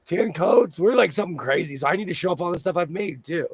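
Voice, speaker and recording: A man with a Minnesotan accent hosting a sewing livestream, chatting playfully and breaking into loud laughing exclamations. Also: sits high, lively intonation, quick pace, husky. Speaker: sewing channel host. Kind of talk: casual livestream chat.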